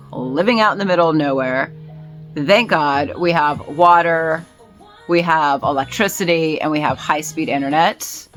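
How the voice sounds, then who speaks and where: A woman's voice: low voice, a bit bright. A woman vlogging in a casual, rambling way, with many fillers and restarts. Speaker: vlogger and small business owner.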